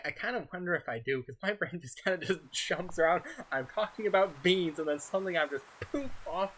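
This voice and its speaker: Over a game stream, a soft-spoken man chats loosely, drifting from tangent to tangent and chuckling often between sentences. His fairly high voice has a bright, crisp edge, and there's a little hiss or hum in the audio.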